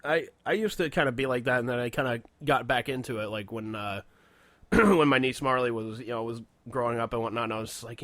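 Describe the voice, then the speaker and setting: A man's voice: medium pitch, brisk, fairly bright tone, dry recording. A man co-hosting a podcast in casual chat, loose and profane and laughing often. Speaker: podcast co-host.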